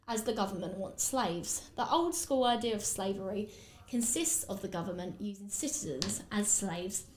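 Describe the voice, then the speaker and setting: Woman podcast host with an Essex accent, rambling casual chat, mid-pitched voice, room echo. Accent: Essex English. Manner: chatty, rambling, with frequent fillers. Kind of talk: casual podcast chat while doing makeup.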